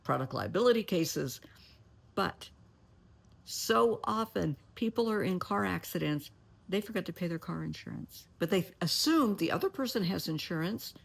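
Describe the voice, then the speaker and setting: A woman's voice: fairly low pitch, animated, moderate pace, creaky, husky. A middle-aged woman, a therapist, giving plainspoken advice in a folksy way, calling listeners honey and sweetheart, and sometimes dropping to a near whisper for emphasis. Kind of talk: advice talk to camera.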